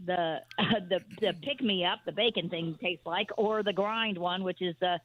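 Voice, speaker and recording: A woman's voice: lowish voice, a little slow, crowd noise. A woman in her sixties, a shop-owner guest chatting on the radio, telling stories and acting out what people said. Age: 60s. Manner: lively storyteller, acts out quoted dialogue. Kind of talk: casual radio chat. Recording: dull lo-fi radio broadcast.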